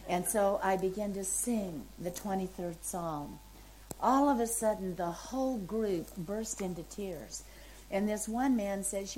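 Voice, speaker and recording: A woman's voice: medium pitch, a little slow, a little mellow, poor audio. A woman in her seventies tells a long testimony as a minister would. She speaks with feeling and animation, slipping into the voices of the people she quotes. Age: 70s. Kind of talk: testimony storytelling.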